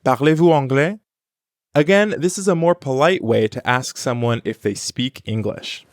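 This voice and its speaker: A man's voice: mid-range voice, normal speed, no room sound. Man teaching, dry close sound. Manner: clear, careful modeling of pronunciation. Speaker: language teacher and co-host. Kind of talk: scripted lesson dialogue.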